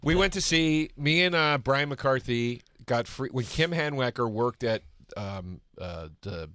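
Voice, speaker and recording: A man hosting a podcast, telling a story in a laughing, animated, swearing way. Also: medium pitch, measured pace, no echo, studio quality. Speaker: podcast host. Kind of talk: casual storytelling chat.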